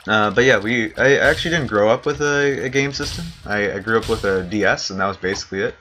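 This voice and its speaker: Bright-voiced rambling male gamer. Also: fairly low pitch, fast talker, slight background noise. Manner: rambling, self-correcting, chuckling asides. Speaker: gaming channel host. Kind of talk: casual let's-play commentary.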